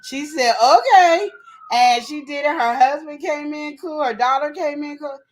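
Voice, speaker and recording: A woman co-hosting a relationship talk show, telling stories in a lively way and acting out quotes and sound effects. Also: high-pitched, measured pace. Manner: animated storytelling, acts out quotes and sound effects. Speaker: podcast co-host. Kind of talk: casual chat.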